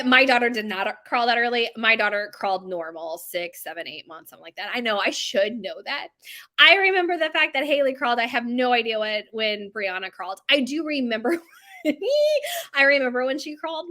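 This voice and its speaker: Woman, 30s, casual storytelling, animated, acts out quotes, bright voice. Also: fairly high pitch. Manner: chatty, animated, acts out quotes, laughs often. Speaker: bakery owner telling stories.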